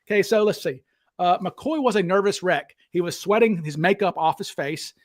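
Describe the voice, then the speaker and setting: A Southern man with a fairly high voice talks bluntly and combatively as he hosts a live discussion. He is animated and quick to call claims false. The sound is dry and close. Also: no echo. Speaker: host. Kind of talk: heated livestream discussion.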